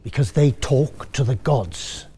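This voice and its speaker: A man's voice: mid-range voice, lively intonation, slow pace, dark tone, breathy edge, exaggerated voice. A man playing a proud, hot-headed Celtic farmer in an educational drama, telling his tale earnestly and flaring into indignant bluster. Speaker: actor playing a figure.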